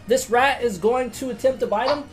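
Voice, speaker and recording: A woman narrating a tabletop game as game master, excitable and quick to swear. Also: a little high, music in the background. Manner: excitable, swears often, bursts of loud reactions.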